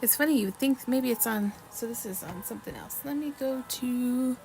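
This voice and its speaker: Chatty woman with a gravelly voice. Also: a little high, normal speed, a little mellow, soft background music, low-quality recording. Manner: chatty, apologetic, reads trivia questions to chat. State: mouth full of chocolate at times. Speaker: livestream host. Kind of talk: casual livestream chat while crafting.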